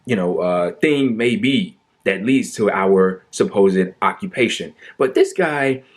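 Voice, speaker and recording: Male commentator, low voice, sarcastic and animated, debunking a politician's claims. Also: a little slow, few pauses. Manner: mocking, exaggerated fake sorrow and sighs; animated, argumentative, incredulous.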